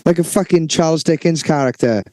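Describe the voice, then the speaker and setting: A man's voice: a little high, mellow. A man co-hosting a podcast, trading crude jokes and mockery in casual banter. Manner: mocking, swearing, quick jokes. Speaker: podcast co-host. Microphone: studio dynamic mic.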